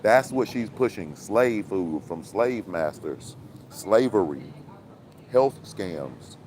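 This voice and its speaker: A low-voiced man holds forth in loose, rambling commentary. He talks in a preachy, conspiratorial way, piles on fillers, and breaks into laughs. There is faint outdoor noise behind him. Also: animated, slow, a little mellow. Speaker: commentary channel host.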